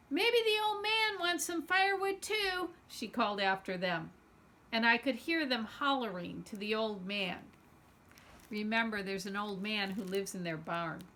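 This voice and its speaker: Storytime reader: woman, bright and high-ish, expressive children's book narration. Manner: expressive first-person storytelling. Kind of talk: reading a children's novel aloud.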